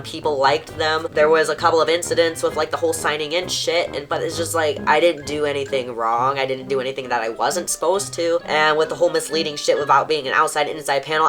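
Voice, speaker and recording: A young adult recounts a storytime in a loose, exasperated rant, dropping curses and constant "like" fillers. The voice sits at an ordinary middle pitch. Soft music plays quietly underneath. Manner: frustrated, swears often, lots of "like" fillers. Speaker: storytime animator. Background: soft background music.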